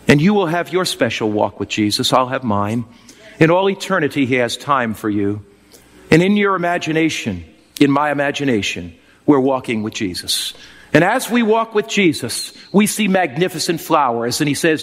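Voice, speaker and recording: A man's voice: fairly high pitch, expressive, moderate pace, a bit bright. A man preaching a sermon with emotional delivery that swells and drops. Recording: long hall reverb.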